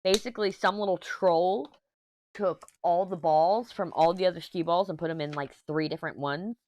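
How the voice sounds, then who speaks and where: A woman in her thirties with a fairly low voice, telling a long family story in an easygoing, wandering way. She chats casually while working on a diamond painting, often stopping to correct herself mid-sentence. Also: normal speed, a little mellow. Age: 30s. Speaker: crafting channel host.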